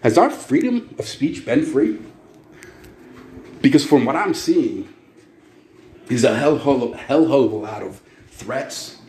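A man's voice: medium pitch, lively intonation, slow, pauses often, mellow. A man rants through a podcast monologue, angry, sarcastic and swearing freely. His voice sits in a mid range and bounces around an echoey room, with a faint hiss of noise under it. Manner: angry, profane, sarcastic ranting. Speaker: podcast host.

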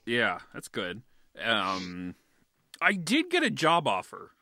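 A man's voice: medium pitch, huge pitch swings, takes it slowly, a crowd in the background. A man chatting casually on a podcast, hesitant and self-deprecating, with frequent ums. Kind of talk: casual chat.

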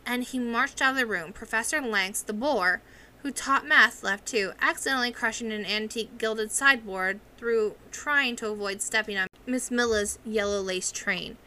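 Woman reading a book out loud, bright voice, steady and measured. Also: a little high. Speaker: audiobook reader. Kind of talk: reading a novel aloud.

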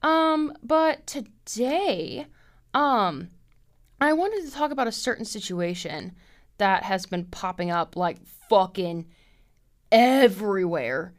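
A young woman in her twenties hosting a casual solo podcast from her apartment, telling stories in an animated way, acting out quoted people in a higher voice and swearing freely. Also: takes it slowly. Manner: animated storytelling, acts out quotes in a high voice, swears. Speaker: podcast host.

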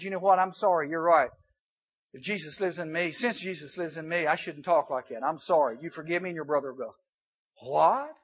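High-voiced man preaching to a youth camp. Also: a little fast, breathy edge. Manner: emphatic, swings from hushed to loud. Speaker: camp speaker. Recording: dull lo-fi recording.

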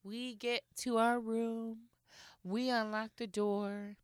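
A woman's voice: on the high side, slow, clean tone, no echo. A woman in her thirties chatting casually on a podcast, telling an anecdote and acting out what people said. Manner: animated storyteller who acts out quoted lines.

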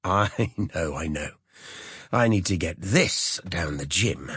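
A man's voice: sits low, expressive, slow pace, a bit bright, slightly rough, no echo, studio quality, full character voice. A man voicing an overweight, besotted middle-aged man who stammers and fawns. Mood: fawning. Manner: flustered, stammering, fawning.

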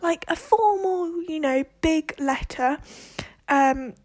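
A woman's voice: extremely high pitch, slow pace, darkish tone. A young woman hosting a casual monologue, ranting in an exasperated way, swearing and dropping into whispered asides. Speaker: podcast host.

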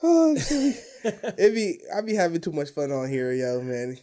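A man's voice: a little high, wildly swooping pitch, unhurried, dark tone. A man co-hosting a podcast, teasing his friends in laughing, loose banter. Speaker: podcast co-host. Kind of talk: casual chat.

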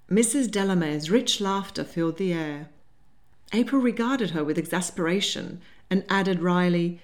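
A woman narrating a humorous period novel in a measured, clear storytelling voice. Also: on the low side, a little mellow. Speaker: audiobook narrator. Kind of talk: scripted narration.

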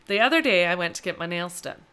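A middle-aged woman chatting casually as a co-host, her voice bright and clear. She tells stories at length and laughs a lot. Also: lowish voice, animated, quick pace. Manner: chatty storyteller, laughs often. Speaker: podcast co-host. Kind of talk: casual chat.

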